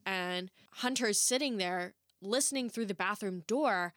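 A woman's voice: mid-range voice, normal speed, no echo, clean studio sound. A woman casually discussing a film with a friend, acting out lines from its scenes. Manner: animated, acts out movie quotes.

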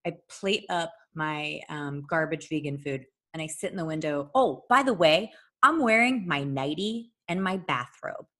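A woman telling a long story in casual chat, animated, swearing freely and laughing often. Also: deep voice, measured pace.

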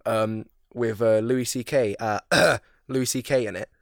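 A young man co-hosting a casual podcast, an animated storyteller who acts out voices and laughs often. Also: medium pitch, unhurried, gravelly, dry recording, clean studio sound. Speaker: podcast co-host. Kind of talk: casual chat.

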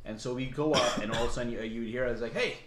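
Man, lively storyteller, imitates voices, laughs a lot, medium pitch, roomy echoey room. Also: racing, background noise. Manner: animated storyteller, mimics voices, laughs often. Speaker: guest brewery founder. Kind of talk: casual podcast chat. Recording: roomy echo.

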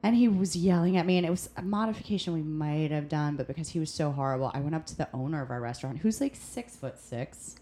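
Low-pitched American woman, server guest, animated storyteller in casual chat. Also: fast, few pauses. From United States. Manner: animated storyteller, acts out quoted people. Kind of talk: casual podcast conversation.

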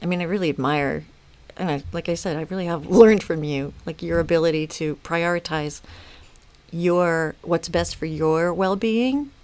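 A woman's voice: fairly low pitch, normal speed, darkish tone. A woman in her fifties, a mother speaking as a podcast guest, reflective and earnest with frequent restarts. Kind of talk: casual podcast conversation.

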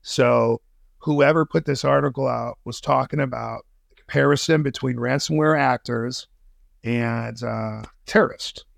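Man, podcast guest, very gravelly voice, dry close sound, slangy, swears, lots of ums. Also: mid-range voice, fairly even intonation, measured pace, no echo. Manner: slangy and profane, many fillers and restarts. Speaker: podcast guest, intelligence analyst. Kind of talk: casual interview chat.

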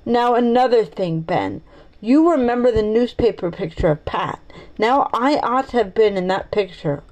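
A woman's voice: fairly high pitch, lively intonation, moderate pace, darkish tone, natural voice, rough recording. Woman reading as an earnest confiding boy. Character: earnest boy sharing a secret.

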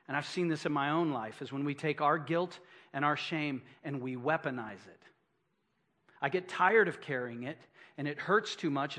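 A man's voice: high-pitched, fairly bright tone. A middle-aged man pastor delivering a sermon, emphatic and repeating key phrases for effect.

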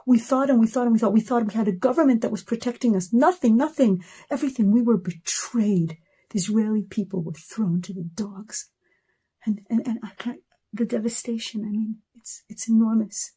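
A woman's voice: a little high, fairly quick, warm tone, husky. A woman in her thirties giving an emotional personal testimony in a video message, talking with passion and stacking repeated words into rising lists.

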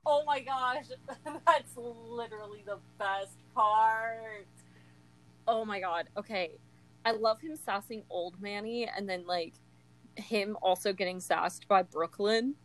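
Young woman, unhurried but excitable book-chat co-host, laughs a lot, leans on "like". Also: medium pitch, poor audio. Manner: gushing, laughs often, many "like" fillers. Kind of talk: casual chat.

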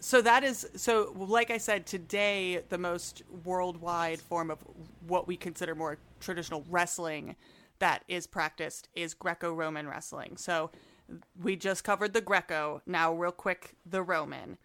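A woman's voice: lowish voice, fairly even intonation, a little slow, fairly bright tone. A woman co-hosting a podcast, telling history in a playful, jokey way and laughing often. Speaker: podcast co-host. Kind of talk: casual history chat.

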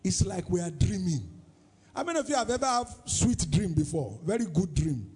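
A man's voice: sits high, big pitch swings, normal speed, a little mellow, breathy edge, in a large hall. A man with a Nigerian accent preaching a sermon as pastor, in a sing-song style that throws questions out to the congregation. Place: church service.

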